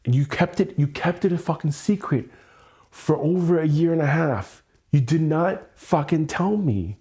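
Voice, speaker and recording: A man's voice: a little high, a little slow, warm tone. A man hosting an EFT tapping session, venting with angry, profane, repetitive words and weary sighs.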